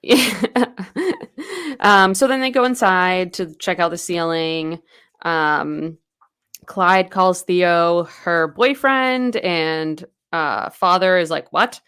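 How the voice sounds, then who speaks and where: Smooth-voiced woman recapping a book. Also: on the low side, slow, fairly bright tone. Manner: retells the plot in quoted snippets, loose and chatty. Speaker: podcast co-host. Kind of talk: casual book recap chat.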